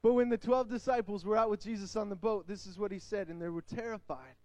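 A young man giving an energetic youth sermon, telling stories and acting out quotes. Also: high voice, quick pace, dry recording. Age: young adult. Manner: animated storytelling, acts out quotes. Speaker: youth speaker.

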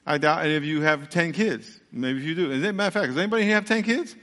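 A pastor preaching a sermon. He tells the story dramatically and acts out the voices, then drops to a low, earnest hush. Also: racing. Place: large church sanctuary. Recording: church hall with long reverb.

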